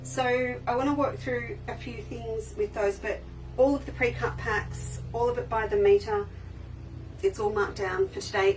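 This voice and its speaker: A woman hosting a casual live sale from her sewing shop, chatty and enthusiastic, often trailing off and restarting sentences. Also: mid-range voice. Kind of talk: casual live-stream sales chat. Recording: slightly distant mic with faint background noise.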